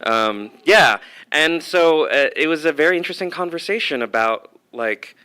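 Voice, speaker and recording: A man's voice: fairly high pitch, lively intonation, moderate pace, pushed and bright, clear, resonant tone. A man from the United States, an actor and dramaturg, speaking thoughtfully on a panel with some hesitations. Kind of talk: reflective panel talk.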